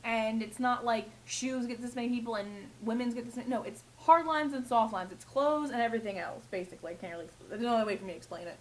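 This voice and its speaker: A woman's voice: a little high, quick pace, hardly any pauses, rough recording. A young woman who works in retail, ranting casually and with swearing about customers, often mimicking them. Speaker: retail worker. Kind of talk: casual vlog rant.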